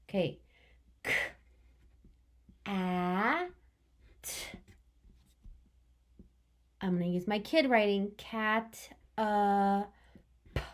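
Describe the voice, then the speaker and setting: Young woman teacher for small children; slow, cheerful sing-song delivery, sounds out words letter by letter, mid pitch. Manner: cheerful, praising, speaks to children as friends. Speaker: kindergarten teacher. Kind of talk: remote lesson for young children.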